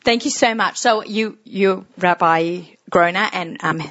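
A woman's voice: mid-range voice, unhurried, fairly bright tone, dry recording, muffled recording. An American woman hosting a casual radio interview show, chatty, with frequent laughs and many fillers.

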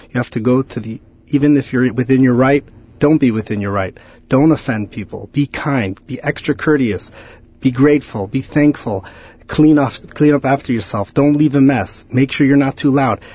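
A man, a rabbi guest on a radio show, giving earnest advice and telling stories with animated retellings. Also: mid-range voice, moderate pace, slightly rough, highs cut off. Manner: animated storyteller, preachy exhortations.

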